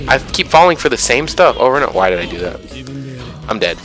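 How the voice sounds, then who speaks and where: A young man giving excited, self-mocking commentary over his own online fighting game matches, often yelling at big moments. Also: mid-range voice, fast talker. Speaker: gaming YouTuber. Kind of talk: live gameplay commentary. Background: background music.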